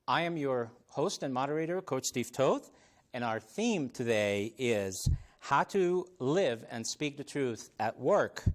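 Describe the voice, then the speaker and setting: Brief: male talk show host, mid-pitched, affable, laughs easily, lots of filler words, live TV studio panel. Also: animated, takes it slowly. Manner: friendly, chuckles often, many ums and restarts.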